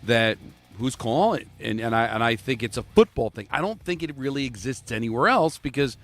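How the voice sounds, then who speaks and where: A man's voice: medium pitch, expressive, fairly quick, no echo, soft background music. A man co-hosting a sports radio show, blunt and opinionated as he argues a point.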